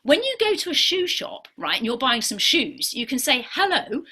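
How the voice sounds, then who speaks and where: A woman's voice: high voice, wildly swooping pitch, moderate pace, sharp tone, slightly rough. A woman hosting a playful children's rhyme show, telling stories in an encouraging, sing-song way.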